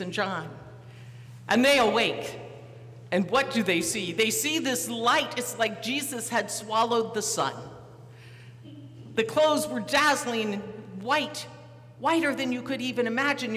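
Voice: medium pitch, pushed and bright. A pastor giving a sermon in a church, telling the story vividly and asking the congregation questions. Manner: storytelling, acting out the disciples, posing questions to the listeners. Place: church sanctuary. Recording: reverberant church hall, faint hum.

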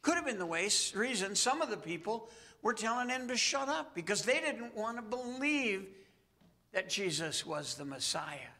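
A male pastor preaching a sermon, retelling a story earnestly with dramatic pauses. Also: high voice, very animated, pushed and bright.

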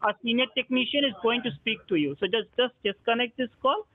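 High-pitched man on a noisy phone line. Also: quick pace. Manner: hesitant and placating. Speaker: scam caller. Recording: tinny phone line with crowd behind.

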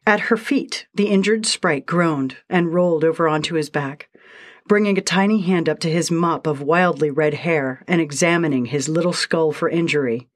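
A woman narrating a short story in a steady, measured reading style. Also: low-pitched.

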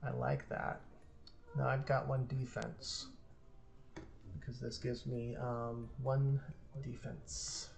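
Low-voiced chatty woman gamer. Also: little pitch movement, slow, creaky, pauses often, darkish tone, a little hiss or hum. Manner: chatty, laughs often, thinks moves aloud. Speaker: host and player. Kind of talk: casual chat while playing a board game. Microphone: own streaming mic.

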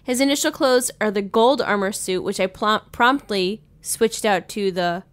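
A woman's voice: medium pitch, normal speed. A woman co-hosting a podcast in casual chat, reading out facts in a playful, joking way. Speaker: podcast co-host.

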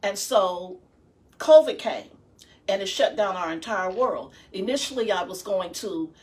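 A woman's voice: mid-range voice, expressive, measured pace, darkish tone, slight background noise. A middle-aged woman guest giving a personal testimony, telling her story conversationally and quoting her own prayers. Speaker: guest, founder of a support ministry. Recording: distant mic.

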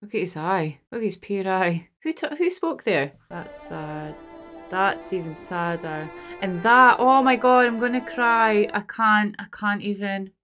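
A woman's voice: mid-range voice, lively intonation, a little slow, fairly bright tone, soft background music. Emotional woman reacting to a film. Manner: emotional, exclaiming, talks back to the screen. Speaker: movie reaction host. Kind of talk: casual movie reaction. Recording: film soundtrack playing behind her.

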